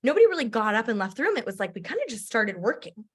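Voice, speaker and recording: A chatty woman with a somewhat high voice tells a personal story in a casual, animated way. She keeps adding filler words as she goes. She sounds like an entrepreneur talking to her peers. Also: rapid-fire, slightly rough. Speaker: direct-sales entrepreneur.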